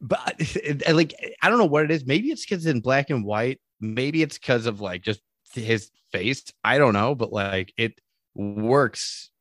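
A man's voice: medium pitch, measured pace, no echo, clean studio sound. A man co-hosting a podcast in casual chat, telling stories with lots of laughter. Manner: animated storytelling, frequent laughs. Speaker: podcast co-host.

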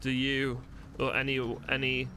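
A man's voice: medium pitch, completely flat delivery, a little slow, sharp tone, slight background noise. A man streaming a role-play game, chatting casually and thinking aloud, often poking fun at himself. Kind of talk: casual commentary while playing.

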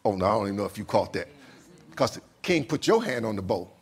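A man's voice: on the low side, big pitch swings, fast, husky. A man preaching a sermon as pastor, acting out a king's confused voice and talking back and forth with his congregation.

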